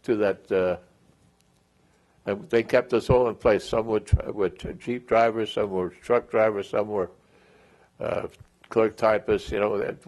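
A man's voice: fairly low pitch, a little mellow. A man in his eighties telling a veteran's war memories in an oral history interview, rambling and chuckling with many restarts. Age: 80s.

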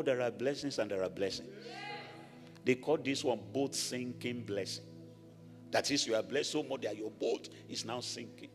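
A man from Nigeria preaching a sermon as pastor, animated, rising to shouted blessings over the congregation. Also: medium pitch. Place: large church hall. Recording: echoey church hall with music.

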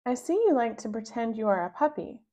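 A woman voicing a very smiley, kind female doctor who talks cheerfully and gently. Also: on the high side, sing-song, a little fast.

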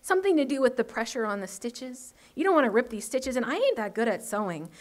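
Woman doing an eerily calm bossy girl. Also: on the high side, fast talker. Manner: matter-of-fact, hushed, bossy. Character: eerie, bossy little girl, unsettlingly calm.

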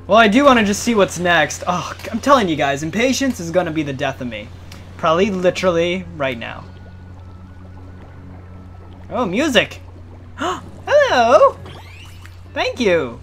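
A man's voice: sits high, normal speed, long pauses, a little hiss or hum. A man giving let's play commentary, talking to himself and his viewers in a running stream, with panicky outbursts and cursing. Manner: excitable, panicky outbursts and cursing while playing. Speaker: gaming channel host. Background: faint game music.

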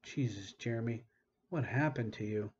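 A man's voice: mid-range voice, normal speed, a little mellow, close to an everyday voice. A male audiobook narrator lifts his voice into an anxious mother who hisses and chokes on her words. The recording sounds slightly muffled with a faint background hiss. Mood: choked. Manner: hissing, choked. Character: frightened woman, a mother, anxious.

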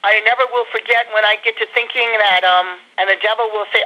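A woman's voice: medium pitch, steady tone, a little fast, pushed and bright. A woman preaching a sermon as a prophet, fiery and accusing, sometimes bursting out sharply. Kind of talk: recorded sermon. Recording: dull lo-fi recording.

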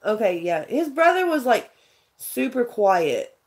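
Woman, casual live vlogger, rambling earnest storyteller, slightly high voice. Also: very animated, a little slow. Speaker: vlogger chatting with viewers. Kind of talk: casual livestream chat.

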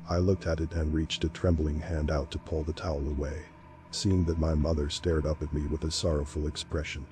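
A man reading a first-person horror story aloud in a steady, unhurried narration. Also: very deep voice. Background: faint background music.

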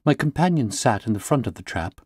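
A man narrating a classic story in a measured, calm voice of middling pitch. The recording is close and dry, with no room sound. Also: breathy edge, no echo.

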